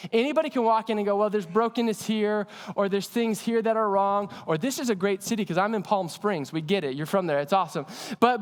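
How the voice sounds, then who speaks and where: Guy preaching with lots of energy, asks the crowd stuff, big echoey church hall. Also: sits high. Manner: energetic storytelling with audience questions. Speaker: pastor. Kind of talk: sermon. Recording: long hall reverb.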